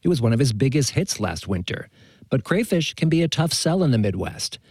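A man filing a scripted radio news report with a measured, even delivery. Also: medium pitch, breathy edge, no echo.

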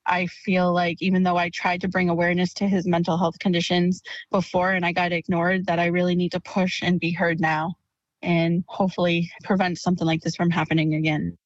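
A woman in her thirties speaking in a news interview, slow and halting. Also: lowish voice, monotone, no room sound, muffled recording. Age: 30s.

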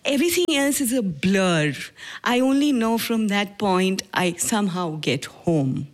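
A woman in her forties with an Indian accent tells a personal story. Her pace is measured and halting, and her tone is grave. Her pitch sits in the middle of the female range. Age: 40s. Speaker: speaker telling a personal story. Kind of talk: personal testimony talk.

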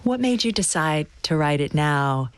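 An interviewer asking questions in a measured, reflective way. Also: mid-range voice, expressive, clean tone, no echo.

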